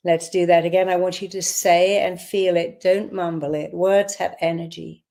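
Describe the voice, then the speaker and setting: A woman therapist speaks in a fairly low, warm voice with a steady tone, vocal fry, normal speed, and few pauses. Leading a guided visualization at a live online event, she firmly instructs listeners and repeats affirmations for them to echo.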